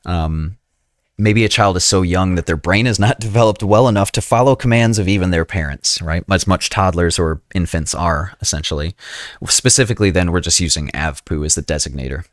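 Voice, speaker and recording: A low-voiced man lectures as an EMS instructor. His delivery is casual and conversational, full of self-corrections and "right?" tags. The recording is close and dry, with no room sound. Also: fairly quick, dry recording.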